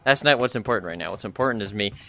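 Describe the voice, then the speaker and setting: Young man, bright voice, rambling gamer venting about work into a headset mic. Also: fairly low pitch, racing, slight background noise. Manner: rambling, complaining, frequent fillers. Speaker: gaming vlogger. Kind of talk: casual rambling vent while gaming.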